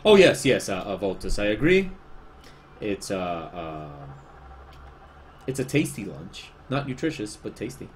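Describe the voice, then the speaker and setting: A man's voice: on the low side, big pitch swings, a little slow, long pauses, a little hiss or hum. A man with a Spanish accent, a livestreaming artist chatting casually, rambling and self-deprecating as he answers chat.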